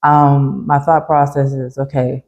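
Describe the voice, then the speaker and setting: A woman massage therapist talks shop as a guest on a podcast. Her voice sits low and sounds warm and relaxed. She tells her stories with energy and laughs often, acting out what her clients say. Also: unhurried, highs cut off. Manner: animated, laughs often, acts out clients' reactions. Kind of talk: casual podcast conversation.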